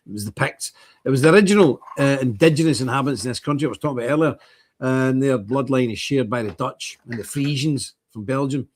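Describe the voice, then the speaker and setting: A man's voice: medium pitch, quick pace. Proud chatty man. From Northern Ireland. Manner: chatty, proud, loudly emphatic. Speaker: livestream host. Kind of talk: casual commentary. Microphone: streaming mic.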